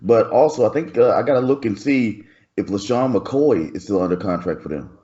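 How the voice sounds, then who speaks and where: A man's voice: lowish voice, moderate pace, mellow, highs cut off. A man co-hosting a casual sports podcast, making dry, joking asides. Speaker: podcast co-host.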